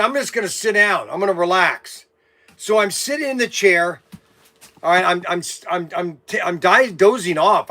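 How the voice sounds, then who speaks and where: A man's voice: sits high, sharp tone. A man hosting his hobby channel, telling a meandering story in a casual monologue with grumbling asides. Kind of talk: casual rambling monologue to camera.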